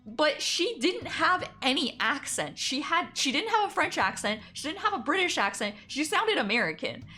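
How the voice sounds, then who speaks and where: A young woman streamer with a high, sharp voice tells a long story in casual chat while drawing. She rambles, uses many fillers and laughs frequently.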